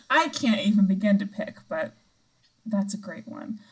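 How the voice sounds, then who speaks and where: Lively young woman laughing through chat. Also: medium pitch, takes it slowly, rough recording. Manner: laughs often, enthusiastic. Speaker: podcast co-host. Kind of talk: casual chat.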